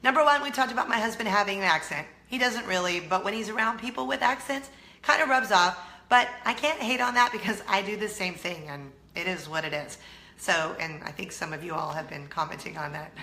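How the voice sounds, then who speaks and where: Bright-voiced hoarse woman with a Southern drawl. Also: mid-range voice, fairly quick, echoey room. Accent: slight Southern US drawl. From California. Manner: chatty and self-mocking, with frequent laughs. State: hoarse from a cold. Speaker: vlog host. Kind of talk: casual chat to camera.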